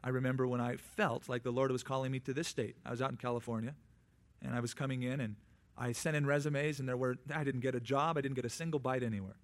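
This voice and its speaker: A man preaching a sermon in a conversational way, with quick asides and acted-out quotes. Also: mid-range voice, steady tone. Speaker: pastor.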